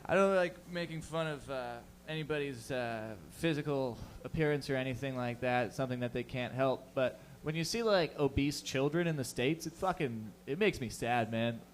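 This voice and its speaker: A man's voice: mid-range voice, moderate pace, hardly any pauses, a little hiss or hum. A young man doing a stand-up set, with profane, rambling, conversational talk. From Canada. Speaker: stand-up comedian.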